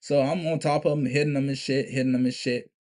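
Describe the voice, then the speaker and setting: A man's voice: mid-range voice, fairly even intonation, quick pace, a little mellow. A young man telling a story to camera in a casual, profane, emphatic way, restarting and repeating himself often. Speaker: vlogger.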